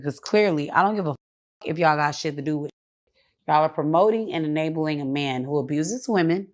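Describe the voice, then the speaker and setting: A woman guest in a casual interview on a studio couch, speaking bluntly, heatedly and with lots of cursing. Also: deep voice.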